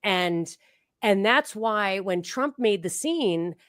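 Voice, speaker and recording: A middle-aged woman hosts a casual interview and tells stories animatedly, with plenty of "like" fillers. Her voice sits at a middle pitch for a woman and sounds dry and close, with no room around it. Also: slow pace, no room sound. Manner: animated storytelling with many "like" fillers. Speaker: podcast host.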